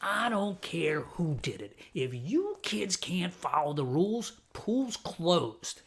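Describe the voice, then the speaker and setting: A man voicing a tough, chain-smoking older woman who runs a neighborhood pool, with a gravelly, raspy voice and a stern, no-nonsense way of talking. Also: sits high, very animated, slow, fairly bright tone, exaggerated voice.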